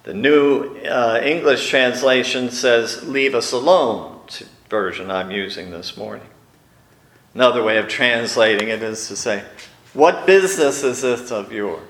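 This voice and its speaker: A man's voice: mid-range voice, measured pace, fairly bright tone, reverberant. A male pastor preaching a sermon, telling stories and acting out the quoted lines. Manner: storytelling, acts out quotes with raised voice. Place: church sanctuary.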